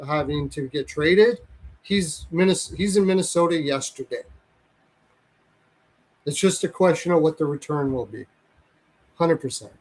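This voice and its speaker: A man's voice: on the high side, rough recording. A man hosting a hockey talk show in casual, blunt chat, swearing freely and often correcting himself mid-sentence. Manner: blunt, profane, rambling with self-corrections. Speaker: hockey podcast host.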